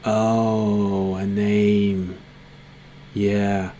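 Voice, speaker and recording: A man's voice: fairly low pitch, little pitch movement, drawn-out words, mellow, a little hiss or hum, pitched below the performer's own voice. A man voicing a small, nervous, frail male kobold who stammers and apologizes a lot.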